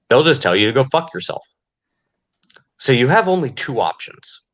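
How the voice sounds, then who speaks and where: A man's voice: medium pitch, fairly bright tone. A man delivering an angry, profane podcast rant, sneering and furious. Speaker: podcast host.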